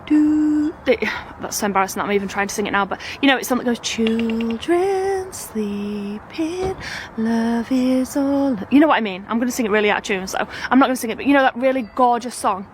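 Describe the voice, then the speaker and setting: A woman's voice: a little high, very fast, a little hiss or hum. A woman with a British accent, a family vlogger chatting to her camera in a gushing, emotional, rambling way. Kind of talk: casual vlog chat.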